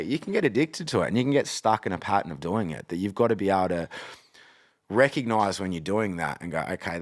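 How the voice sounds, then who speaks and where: Deep-voiced man swearing his way through chat. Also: no room sound. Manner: swears constantly, keeps asking "you know what I mean". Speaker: podcast guest, rapper. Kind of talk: casual chat.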